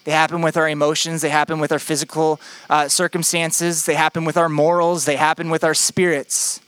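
A young male pastor delivers a sermon in a light, high-pitched voice, moving between scripture and casual personal anecdotes. He leans on repetition to drive each point home. The sound is dry and close, with no room echo. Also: level tone, brisk, fairly bright tone, clean tone. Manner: conversational storytelling with emphatic repetition.

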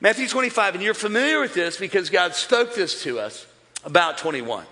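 A high, bright-voiced man preaching a sermon to a packed church. He talks straight to the crowd and builds to shouts. His voice rings out with a long hall reverb. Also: big pitch swings, fairly quick. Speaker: pastor. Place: large church with overflow campuses.

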